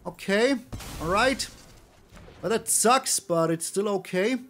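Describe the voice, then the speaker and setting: A man giving excitable, animated live commentary over his own card game, now and then breaking into loud shouts. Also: high-pitched, slow, soft background music. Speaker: gaming YouTuber.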